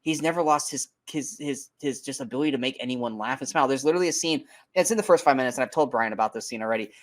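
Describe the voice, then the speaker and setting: Male podcast co-host, casual film chat, emphatic and profane, average pitch. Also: racing. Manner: animated and emphatic, swears freely, stumbles over words. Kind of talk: casual movie review chat.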